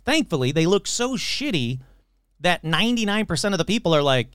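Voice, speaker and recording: A man's voice: high-pitched, sing-song, brisk, a bit bright, smooth, no echo, clean studio sound. Sarcastic podcast host man. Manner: sarcastic, puts on mocking voices; swears casually. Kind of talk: casual chat.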